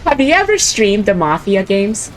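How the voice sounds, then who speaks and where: A woman's voice: medium pitch, big pitch swings, normal speed, over music. A woman playing a game with a friend, chatting casually and giggling often. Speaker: co-op player. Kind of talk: casual gaming chat.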